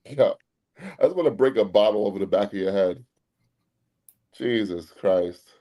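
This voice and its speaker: A man's voice: on the low side, moderate pace, muffled recording. Blunt, swearing podcast host man. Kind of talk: casual chat.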